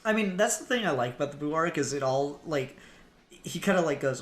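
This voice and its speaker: A man co-hosting a podcast in casual chat, animated, acting out bits in quick bursts. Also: on the high side, soft background music. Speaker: podcast co-host.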